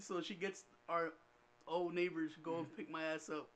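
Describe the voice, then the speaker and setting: A man telling a childhood story on a casual podcast, animated and profane, acting out the people he quotes. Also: sits high, moderate pace. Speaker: podcast co-host.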